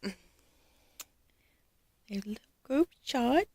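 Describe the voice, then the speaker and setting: A woman showing off her doll collection in a casual vlog, gushing and affectionate, with frequent soft laughs. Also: a little high, expressive, extremely slow, dry recording, studio quality. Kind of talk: casual show-and-tell vlog.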